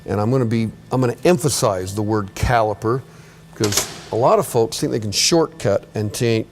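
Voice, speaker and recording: A middle-aged man teaching an automotive class while working on a car in a repair shop, chatty and relaxed, often correcting himself. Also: fairly low pitch, normal speed, slight background noise. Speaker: automotive instructor. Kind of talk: hands-on workshop demonstration.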